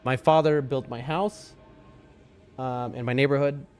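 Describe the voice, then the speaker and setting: A man streaming a game live, rambling casually to his chat in a mid-range voice. His talk wanders freely from one topic to the next. Faint music runs quietly in the background. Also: steady tone, measured pace, clear, resonant tone. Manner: chatty and rambling, talks to his chat, soft high voice when talking to his cats.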